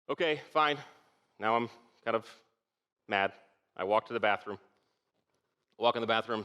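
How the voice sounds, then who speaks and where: A man's voice: lowish voice, normal speed, pauses often, bright, forceful tone, smooth. A middle-aged man giving a conference leadership talk in a conversational way, often asking "okay?" and "right?" to check in with the audience. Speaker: keynote speaker.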